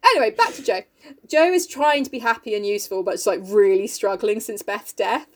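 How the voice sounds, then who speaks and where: A woman's voice: medium pitch, brisk. A woman, co-hosting a casual chat and recapping a book in a chatty, sweary way, laughing often.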